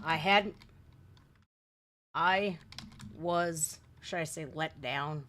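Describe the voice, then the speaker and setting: A middle-aged woman, chatting loudly and excitably on a live stream while reacting to music videos. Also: on the low side, unhurried, long pauses, a little hiss or hum. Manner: loud, brash and excitable, shouting and laughing.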